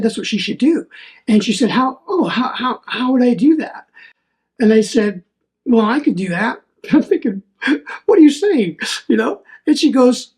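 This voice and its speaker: A man's voice: very high voice, a little mellow. Guy doing a solo faith podcast, earnest, kinda rambly, repeats himself a lot. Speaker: podcast host.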